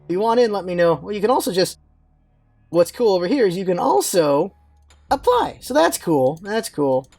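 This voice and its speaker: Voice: medium pitch, very animated, normal speed, creaky, darkish tone, no room sound, faint music behind. A gaming channel host giving rambling, offhand casual commentary while browsing game menus.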